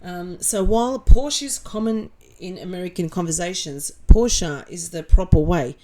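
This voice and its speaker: A woman with an Australian accent keeps things casual on her livestream, voicing viewer comments and replying bluntly with sarcasm and a swear here and there. Her tone is mellow and warm, her pitch lowish, and her pace moderate.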